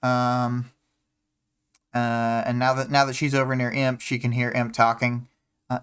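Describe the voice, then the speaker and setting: Male host, unhurried casual talker, clean resonant tone, filler-heavy delivery. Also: medium pitch, little pitch movement, fairly bright tone, smooth. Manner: rambling, many fillers, hums to himself. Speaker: podcast host. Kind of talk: casual chapter discussion.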